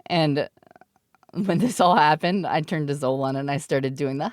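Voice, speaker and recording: A woman's voice: low-pitched, moderate pace, no echo, clean studio sound. A woman from Canada telling a profane, giggly story casually to her stream chat.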